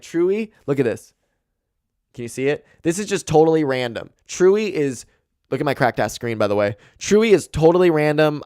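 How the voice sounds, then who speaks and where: A young man hosting a solo podcast at home, rambling casually, swearing a lot and getting excited. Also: mid-range voice, clean tone, no room sound, clean studio sound. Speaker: podcast host. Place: home room with dog and carpet. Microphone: desk mic and camera.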